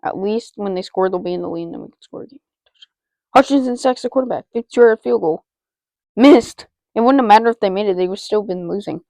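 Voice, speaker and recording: Excitable woman narrating her own gameplay. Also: medium pitch, brisk, no echo. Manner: excitable, repeats player names, talks to self. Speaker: gaming channel host. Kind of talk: live video game commentary.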